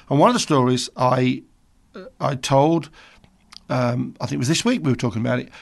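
A man's voice: mid-range voice, vocal fry. A middle-aged man from Birmingham with a Birmingham accent, a radio presenter rambling through jokey stories between songs. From England. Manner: chatty, jokey, rambling storyteller. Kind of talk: casual radio chat.

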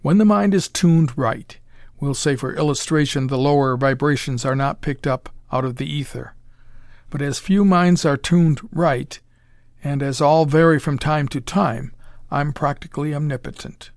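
A man's voice: a little high, moderate pace, no room sound, clean studio sound, lightly acted. A man reading a suave, menacing mad-scientist villain. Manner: smooth, calm, condescending.

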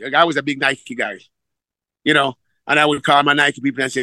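A middle-aged man, a football coach telling stories in a conversational, animated way, repeating words and laughing as he goes. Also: mid-range voice, a little fast, no echo. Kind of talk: conversational storytelling.

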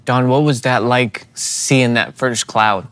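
A man's voice: medium pitch, fairly even intonation, takes it slowly, a bit bright, no echo. A man interviewing a guest, asking short questions.

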